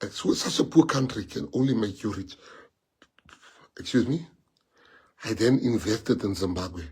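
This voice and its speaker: Over slight background noise, a South African man whose first language is Afrikaans delivers a passionate monologue on a livestream. He speaks at a measured pace with a fairly low pitch and lively intonation, asking many rhetorical questions and moving from quiet to loud.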